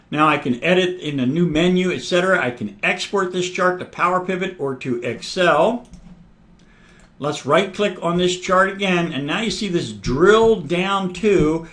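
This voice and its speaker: A man giving a casual, step-by-step software demonstration, narrating each click and often clearing his throat. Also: high-pitched. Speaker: software instructor. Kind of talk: screen-recorded software demonstration.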